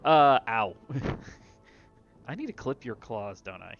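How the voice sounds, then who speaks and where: A man's voice: medium pitch, very animated, takes it slowly. A man streaming a video game, chatting casually and playfully, with asides to his cat at home. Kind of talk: casual gameplay commentary. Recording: dull lo-fi with faint music.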